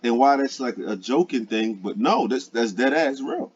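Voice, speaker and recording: A man's voice: medium pitch, animated, moderate pace, breathy edge, highs cut off. A man preaching in a loose, profane, conversational way, full of fillers. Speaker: online preacher. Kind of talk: casual streetwise preaching commentary.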